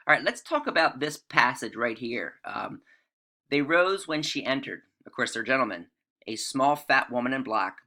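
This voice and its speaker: Middle-aged guy teaching english, super bright punchy voice, chatty lecture, keeps asking "right?". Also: medium pitch. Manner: conversational, checks in with listeners, reads passages aloud. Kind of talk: literature lecture.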